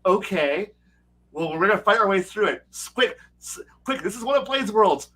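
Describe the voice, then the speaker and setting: A man telling game master stories in casual livestream chat, excitable and rambling, with frequent swearing. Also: high voice, moderate pace. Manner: excitable, rambling, profane storytelling. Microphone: streaming setup mic.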